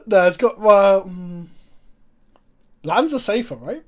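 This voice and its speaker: A male streamer talks into a close desk mic in loose, jokey chat, swearing freely as he goes. His pitch rises and falls a lot as he riffs. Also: animated, slow, a little mellow. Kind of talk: casual chat while gaming.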